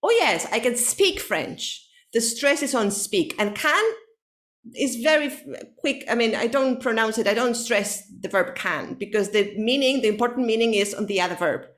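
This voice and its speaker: A woman's voice: a little high, normal speed, a bit bright. A woman whose first language is Spanish, teaching an online one-to-one English lesson, explaining pronunciation and often checking with "okay?" and Spanish asides.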